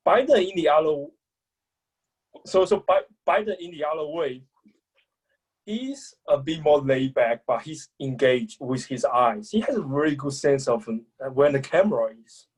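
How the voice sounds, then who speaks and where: A man in a thoughtful discussion about speaking style, often pausing and restarting as he searches for words. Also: fairly high pitch, expressive, husky, poor audio. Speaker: public speaking commentator. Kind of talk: analytical discussion.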